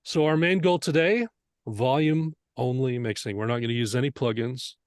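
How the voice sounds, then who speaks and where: A man teaching audio mixing in an earnest, explanatory way, often posing questions to the listener. His voice sits at a middle pitch and is recorded close and dry, with no room sound. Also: normal speed, smooth, no echo. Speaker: mixing instructor.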